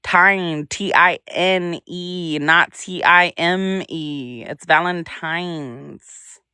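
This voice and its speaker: A woman's voice: lowish voice, drawn-out words, bright, forceful tone, clear, resonant tone, no echo. A young woman hosting a casual livestream, chatting with viewers in a drawling, chatty way and humming to herself between remarks. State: pregnant. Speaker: livestream host.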